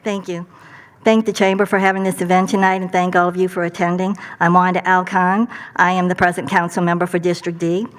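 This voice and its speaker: A woman's voice: on the low side, level tone, brisk. An older woman from Louisiana, a council member, giving a formal opening statement and evenly reading out a list of credentials. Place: large hall, public forum. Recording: long hall reverb.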